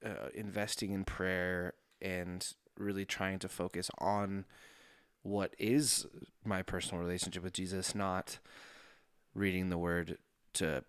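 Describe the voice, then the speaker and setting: A man's voice: low-pitched, level tone, measured pace, clear, resonant tone, dry recording, clean studio sound. A man who is a pastor, talking about his faith in an earnest, reflective, casual way. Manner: reflective, earnest, thinking aloud.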